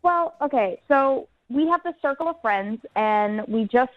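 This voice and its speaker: A woman's voice: high voice, animated, a little slow, no room sound. A woman calling into a radio show, telling her story in a chatty, giggly way over the phone. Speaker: caller. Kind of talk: phone-in chat. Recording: dull phone-line sound.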